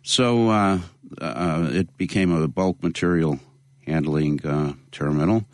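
Deep-voiced man speaking deliberately. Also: no room sound, studio quality. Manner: measured, lots of uh fillers. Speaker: interview guest, local activist. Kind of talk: conversational interview.

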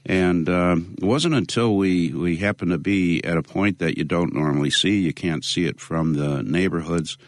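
A man being interviewed, speaking in a measured way with many pauses and fillers. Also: low voice, no room sound, clean studio sound. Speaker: interview guest, local activist. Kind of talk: conversational interview.

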